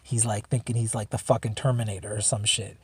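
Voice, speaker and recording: A man's voice: fairly low pitch, flat delivery, fairly quick, breathy edge, no echo. A man hosting a solo podcast, telling a story in a rambling, laid-back way, swearing freely. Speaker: podcast host. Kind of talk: casual storytelling.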